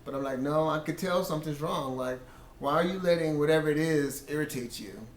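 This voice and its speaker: A man's voice: on the high side, fairly quick, reverberant, a little hiss or hum. A man sharing a casual Christian testimony about his marriage in an earnest storytelling way, quoting himself and his wife.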